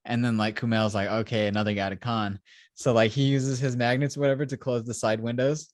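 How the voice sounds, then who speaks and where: A man's voice: medium pitch, little pitch movement, fairly quick, dry recording, studio quality. A man co-hosting a casual review chat, rambling through scenes and acting out quotes with frequent laughs. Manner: rambling storyteller, acts out scenes with "he's like" quotes, laughs often. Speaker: podcast co-host.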